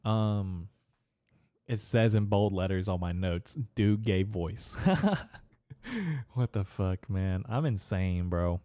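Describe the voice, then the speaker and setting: Rambling, foul-mouthed young man with a low, mellow voice. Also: steady tone, slow, long pauses, clear, resonant tone, no echo, clean studio sound. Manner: rambling, crude and profane, laughs at his own jokes. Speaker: podcast host. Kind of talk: casual solo podcast monologue.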